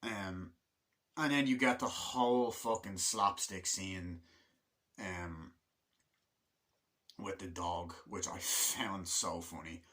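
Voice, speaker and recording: A young man giving a rambling, casual movie review, swearing often and acting out scenes in quick impressions. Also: deep voice, fairly bright tone.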